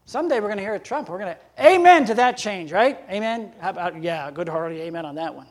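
Older male pastor, high-pitched, folksy preaching with acted-out dialogue. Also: expressive, quick pace. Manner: folksy, laughing asides, acts out dialogue. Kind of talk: sermon.

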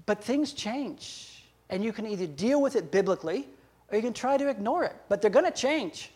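High-voiced older male pastor preaching. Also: animated, normal speed, darkish tone, husky. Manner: folksy, laughing asides, acts out dialogue. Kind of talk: sermon.

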